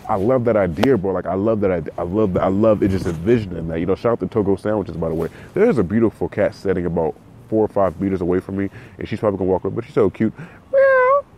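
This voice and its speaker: A man's voice: lowish voice, mellow. A man from California hosting a casual solo podcast, rambling with lots of restarts and repeats in a slangy way. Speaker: podcast host. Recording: faint background noise.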